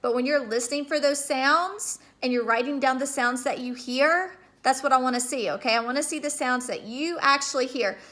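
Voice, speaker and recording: A woman teaching a remote phonics lesson to kindergarteners, patiently sounding out words slowly and checking in with "okay?". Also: sits high, a bit bright. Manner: slow, drawn-out sounding out of words.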